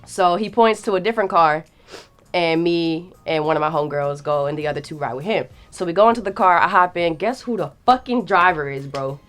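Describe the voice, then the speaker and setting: A young woman telling a story in a casual, animated way, acting out the quotes and swearing freely. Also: fairly low pitch, fairly quick, soft background music.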